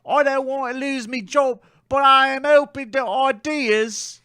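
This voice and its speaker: Brief: man putting on a boastful young Kiwi clerk, mock New Zealand accent, sing-song, pitched up high. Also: steady tone, a little slow, pushed and bright, exaggerated voice. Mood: bragging. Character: young male shoe-obsessed store clerk, boastful.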